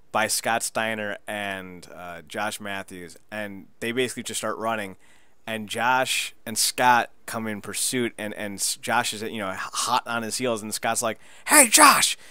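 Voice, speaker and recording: A man co-hosting a podcast, excitedly recapping a show in casual chat, laughing and swearing as he goes. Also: fairly low pitch, clean tone, dry recording. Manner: excitable, laughing, profane storyteller. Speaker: podcast co-host.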